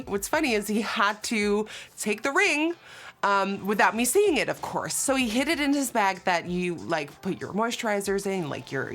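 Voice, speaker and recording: A woman, chatting as a beauty vlogger and telling a story while doing her makeup. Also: medium pitch. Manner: animated, acts out quotes, fast asides.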